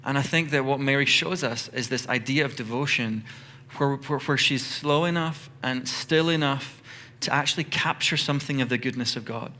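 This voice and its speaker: A man preaching a sermon as pastor, telling the story in an animated, conversational way. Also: medium pitch, normal speed, a little hiss or hum.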